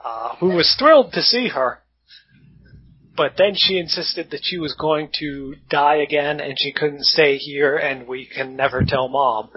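A man's voice: a little high, unhurried, breathy edge. A man narrating as game master in a laid-back, joking way, with casual swearing. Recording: dull lo-fi audio.

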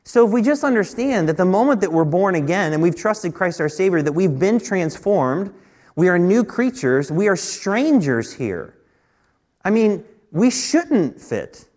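Higher-voiced male pastor telling a story. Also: sing-song, measured pace, a little mellow. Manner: conversational storytelling, repeats words when restarting; rises in pitch and force when pressing a point. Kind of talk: sermon.

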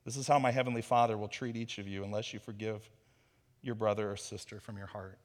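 A man preaching a sermon, telling a parable with animated storytelling and bits of acted dialogue. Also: on the low side, fast. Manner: animated storytelling, acts out Peter's voice. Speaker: pastor. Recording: long hall reverb.

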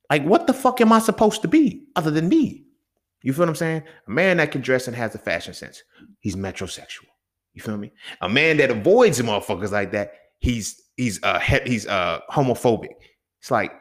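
A young man hosting a solo podcast, talking in a heated, profane way and often asking the listener if they feel him. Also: mid-range voice. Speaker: podcast host. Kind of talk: casual monologue.

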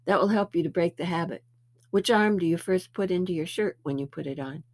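A woman voicing a patient male spirit guide who lectures and gently scolds. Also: on the low side, brisk, natural voice. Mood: lecturing.

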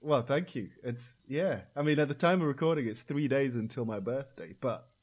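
A man from Scotland co-hosts a casual podcast in a mid-pitched voice. He speaks softly and dryly, with an understated delivery. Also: moderate pace. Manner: dry, soft-spoken, understated. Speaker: podcast co-host. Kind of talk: casual comedic chat.

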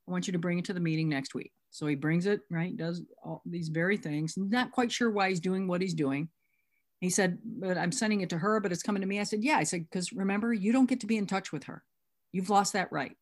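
A middle-aged woman speaking at a recovery workshop recounts a sponsorship experience in a lowish voice at a fairly quick pace. She plays out both sides of the exchange herself.

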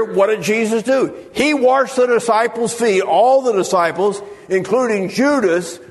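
A preacher with a high voice delivers a sermon, spinning funny stories and slipping into the voices of the people he quotes. The sound hangs in the long reverb of a large church hall. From United States. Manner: storytelling with humor, acting out quoted voices. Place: church sanctuary.

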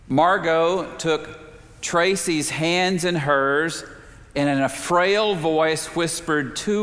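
A man preaching a sermon, telling a story in a measured way with slow, emphatic pauses. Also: fairly high pitch, a bit bright. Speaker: pastor. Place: church sanctuary. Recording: reverberant sanctuary.

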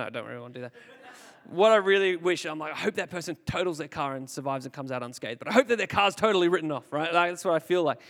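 A man's voice: high-pitched, fairly bright tone, big-room sound. A young man preaching a casual youth sermon, chatty and self-deprecating, with personal stories. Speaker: youth pastor.

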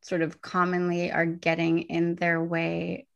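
A woman's voice: fairly low pitch, monotone, a little slow, gravelly, lo-fi sound. A young woman hosting a casual talk show, chatting freely, laughing often and acting out quoted lines. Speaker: podcast host. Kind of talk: casual chat.

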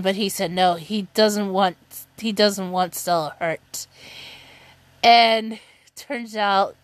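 A woman's voice: medium pitch, no echo. A woman casually recapping a TV episode, rambling and giggly, who often breaks into laughter. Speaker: TV show recap vlogger.

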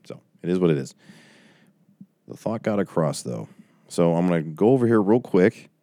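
Bible study teacher, man, forties, very deep, dry close sound, chatty and emotional. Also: dark tone, dry recording. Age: 40s. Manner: chatty, reading out viewer comments. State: tearing up. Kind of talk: casual livestream Bible study wrap-up.

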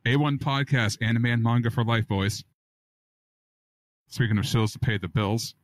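A man's voice: medium pitch, normal speed, no echo. Playful man hosting a podcast, dry mic. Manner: playful, teasing, hype-style introductions. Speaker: podcast host. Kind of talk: casual gaming podcast chat.

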